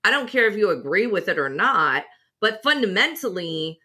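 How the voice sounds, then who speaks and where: A woman's voice: mid-range voice, very animated, normal speed, pushed and bright. A woman co-hosting a podcast conversation, talking emphatically and telling stories with animation. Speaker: podcast co-host. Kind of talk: casual conversation.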